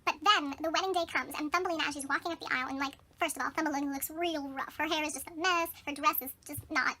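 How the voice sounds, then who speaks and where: A woman's voice: high voice, fairly even intonation, fast talker, pushed and bright, slight background noise. A young woman vlogger casually retelling a film plot in a breezy, chatty way, acting out the characters.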